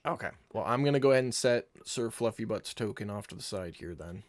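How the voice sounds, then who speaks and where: A man's voice: on the low side, animated, quick pace. A man running a tabletop game online as game master, explaining rules in an easygoing, patient way.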